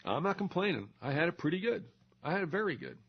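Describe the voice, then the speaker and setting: A man's voice: high-pitched, very animated, fast, slightly rough. An older man hosting a talk show, ranting in a sarcastic, indignant monologue with mocking asides. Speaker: radio talk show host. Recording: dull lo-fi recording.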